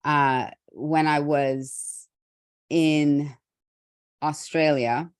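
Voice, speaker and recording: A middle-aged woman from Trinidad hosting a motivational talk, speaking candidly and reflectively with restarts and soft laughs. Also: sits low, steady tone, very slow, clear, resonant tone, no echo, clean studio sound. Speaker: host.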